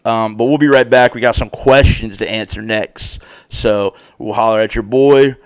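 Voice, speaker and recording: A man's voice: fairly low pitch, steady tone, moderate pace, clear, resonant tone. A man in his thirties hosting a podcast solo, rambling in casual chat with slang and constant swearing. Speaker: podcast host.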